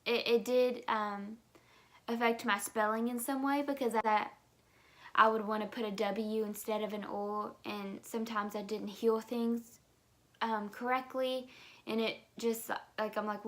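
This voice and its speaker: This American vlogger in her twenties talks casually and candidly to camera, chatty and full of fillers, with an articulation disorder giving her speech sounds unusual. Her medium-pitched voice is a bit bright, delivered flatly at a moderate pace.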